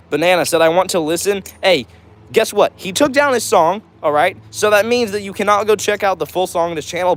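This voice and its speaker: A male livestream host chats casually with his viewers, answering their comments one after another. His voice sits a bit high for a man, and he talks in an upbeat, rambling way. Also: a bit bright. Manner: chatty and upbeat, many fillers like "all right".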